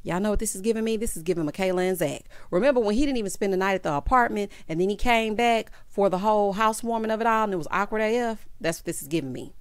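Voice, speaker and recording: A woman's voice: mid-range voice, quick pace, hardly any pauses, clean tone, no echo. A woman talks through a reality TV episode in a loose, sassy commentary style and calls her listeners honey and child. She sits in a middling register, and her voice comes across dry and close, with no room around it. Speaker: reality TV recap host. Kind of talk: casual commentary recap.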